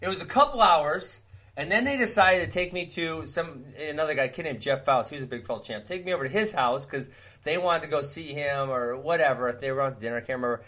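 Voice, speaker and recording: Animated, laughing male podcast storyteller. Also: fairly high pitch, fairly quick. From Wisconsin. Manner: animated, rambling, laughs often while telling stories. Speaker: podcast co-host. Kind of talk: casual storytelling chat.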